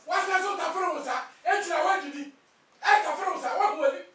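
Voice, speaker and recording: A Ghanaian man acting a pastor husband in a comedy skit, exclaiming loudly and muttering quick prayers. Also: very high voice. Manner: loud exclaiming, switching to rapid muttered prayer. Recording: echoey room, distant mic, faint noise.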